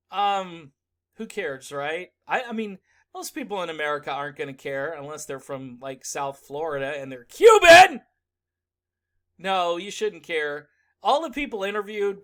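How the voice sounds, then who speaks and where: A man giving sarcastic, animated political commentary in a vlog. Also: high voice.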